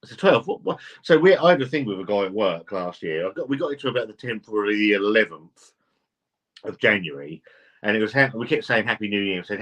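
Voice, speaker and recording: Male livestream host, lowish voice, casual chatter, reads the comments aloud, swears freely. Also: lively intonation, brisk, fairly bright tone. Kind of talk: casual live chat reading comments.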